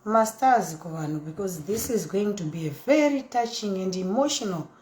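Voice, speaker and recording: A woman in her thirties with a Zimbabwean accent, telling her story in a chatty, animated way that mixes English and Shona. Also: mid-range voice, normal speed, echoey room. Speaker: socialite vlogger. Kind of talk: casual storytelling monologue.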